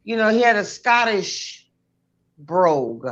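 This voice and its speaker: A woman co-hosting a casual chat, telling stories in an animated way and laughing often. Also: medium pitch, takes it slowly, dull audio. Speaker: co-host.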